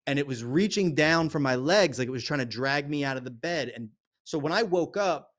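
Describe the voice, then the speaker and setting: A middle-aged man on a podcast, telling a story in casual, profane, animated chat. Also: a little high, a little fast. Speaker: podcast co-host.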